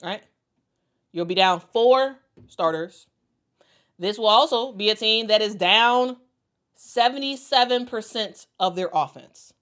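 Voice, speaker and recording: A woman's voice: mid-range voice, measured pace, fairly bright tone, smooth. A woman commentating on basketball in a casual way, reading out viewer comments and repeating her points for emphasis. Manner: emphatic, repeats herself for stress.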